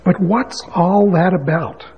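A man's voice: sits high, takes it slowly, slightly rough. A man preaching a sermon as a pastor, telling a story in a conversational way and building to emphatic questions. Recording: dull lo-fi sound with long hall reverb.

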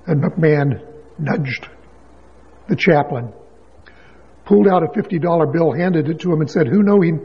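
A fairly high, very husky male voice preaching from the pulpit, relaxed and storytelling, then pressing hard with rising questions. His words ring out with a long reverb through a large church hall, and the sound is dull and lo-fi. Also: unhurried, long pauses. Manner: conversational storyteller, rises to emphatic questions. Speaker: pastor. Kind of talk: sermon with storytelling.

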